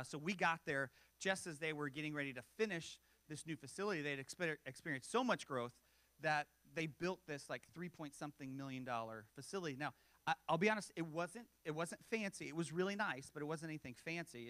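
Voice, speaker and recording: A man's voice: a little high, pushed and bright, no room sound. Joking conversational preacher, man. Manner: conversational, self-deprecating humor with frequent asides. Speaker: pastor. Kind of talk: sermon.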